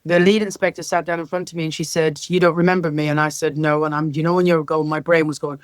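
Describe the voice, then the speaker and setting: A middle-aged woman from Ireland, a care sector leader, telling lively stories as a podcast guest and acting out the dialogue in them. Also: low voice, fast talker, no echo. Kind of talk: podcast interview storytelling.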